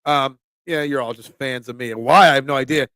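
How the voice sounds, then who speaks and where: On his casual sports stream, the Philly-accented host from Philadelphia banters with viewers, chatty and full of ums. His medium-pitched voice is a little fast and fairly bright, recorded dry.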